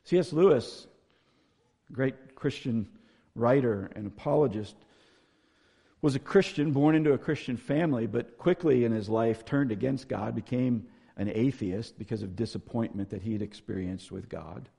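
Gravelly, husky-voiced male preacher. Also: medium pitch, normal speed, mellow, long reverb tail. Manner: earnest, rising to emphatic when reading scripture. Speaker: pastor. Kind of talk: sermon.

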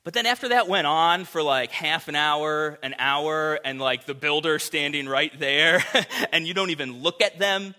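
A man preaching a sermon to his congregation in a conversational, animated way, with casual fillers. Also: a little high, measured pace. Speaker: pastor.

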